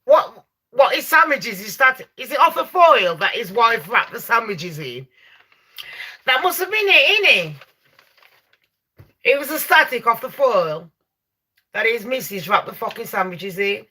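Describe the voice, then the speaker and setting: A young woman telling a ghost story to her live chat, loud and sweary, laughing and shrieking as she goes. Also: on the high side, sing-song, measured pace, long pauses, breathy edge. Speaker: live stream host.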